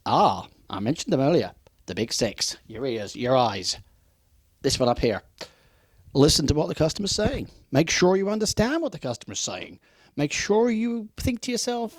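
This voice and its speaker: A man's voice: high voice, animated, moderate pace, no room sound, studio quality. A man giving an unscripted customer service training talk, with emphatic, repeated warnings and acted-out customer dialogue. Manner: acts out customer dialogue in quotes.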